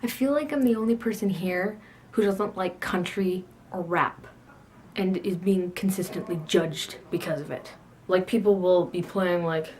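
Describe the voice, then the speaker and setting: A woman's voice: lowish voice, moderate pace, darkish tone, a little hiss or hum. A teenage girl in a casual video blog, sassy and self-mocking, rambling about her day with frequent laughs. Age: teens. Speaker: video blogger. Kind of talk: casual chat to camera.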